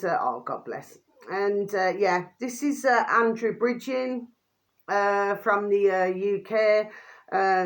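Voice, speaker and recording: A woman, rambling through casual commentary, full of fillers and tag questions, with quick low asides to her viewers. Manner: drops pet phrase "my delicious babies" in a quick low aside. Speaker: vlogger commenting on videos.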